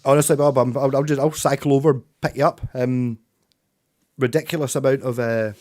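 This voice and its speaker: A man's voice: medium pitch, fairly even intonation, brisk, a little mellow. A man with a Scottish accent chatting casually with viewers on his livestream, rambling, swearing and chuckling. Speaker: livestreaming musician.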